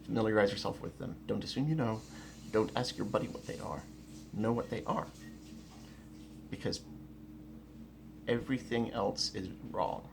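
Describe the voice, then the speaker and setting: A man's voice: on the low side, moderate pace, vocal fry, pauses often, noisy background. A man giving a casual instructional talk from home, blunt and emphatic, repeating key words and often restarting his sentences. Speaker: rapier melee instructor. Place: at home, indoors.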